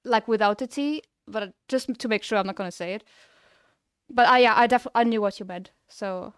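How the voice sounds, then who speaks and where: In casual live-stream chat, a young woman with a German-sounding non-native English accent rambles to her viewers, often restarting what she's saying. She speaks at normal speed in a slightly high, clean voice, with no echo and clean studio sound.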